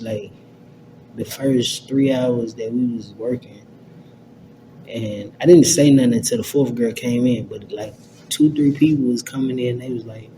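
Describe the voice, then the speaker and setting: A young man rants casually to his viewers, heavy on slang and swearing, circling back with constant fillers. His voice sits at an ordinary middle pitch. A clear, steady low rumble runs under the recording. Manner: slangy and profane, rambling with many fillers. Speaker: vlogger. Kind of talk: casual rant to camera.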